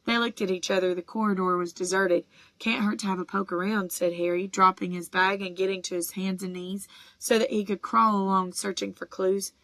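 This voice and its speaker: A woman narrating an audiobook in a steady, even storytelling voice. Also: medium pitch, normal speed, dry recording. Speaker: audiobook reader.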